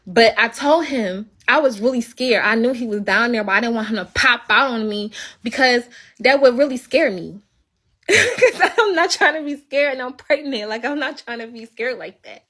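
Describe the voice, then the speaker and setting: A woman's voice: fairly high pitch, expressive, moderate pace, pushed and bright. A young woman livestreaming from home, telling a story as an indignant, swearing rant. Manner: indignant, venting, swears freely. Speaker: livestream host.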